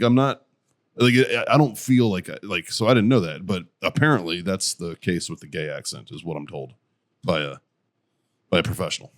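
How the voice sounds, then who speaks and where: A man co-hosting a casual podcast, swearing often and telling animated stories with a deep voice. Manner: profane, animated storyteller. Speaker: podcast co-host.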